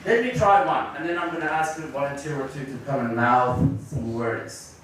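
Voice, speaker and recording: A man leads a workshop for teachers, explaining clearly and drawing the audience in with questions. His voice sits a little high for a man. He is heard from a distance in a very echoey room with a faint hiss behind him. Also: moderate pace, fairly bright tone. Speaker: teacher trainer. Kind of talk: workshop presentation. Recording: echoey room recorded from afar.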